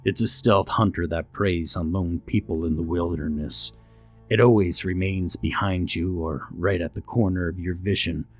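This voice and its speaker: A man doing a gruff, grumpy ranger boss. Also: low voice.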